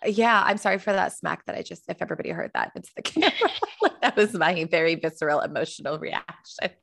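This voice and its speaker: Gravelly low-voiced woman, chatty podcast host. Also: fast talker, fairly bright tone, no room sound, clean studio sound. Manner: chatty, wandering, self-correcting. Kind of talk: casual chat.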